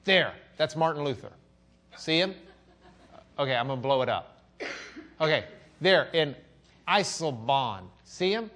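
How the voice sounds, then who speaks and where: Texan male pastor, fairly high voice, church-class sermon, dramatic loud-to-soft swings, restarts. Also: animated, a little slow, long pauses. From Texas. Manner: swings from loud questioning to quiet confiding, with joking asides; restarts and repeats words. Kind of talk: sermon lesson.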